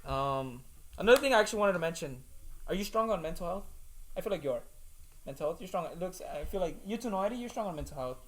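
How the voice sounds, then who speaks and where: A man's voice: high-pitched, animated, fast. A young man hosting a casual podcast chat, rambling and swearing, filling his talk with "like". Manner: rambling, swears a lot, fills with "like". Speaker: podcast host.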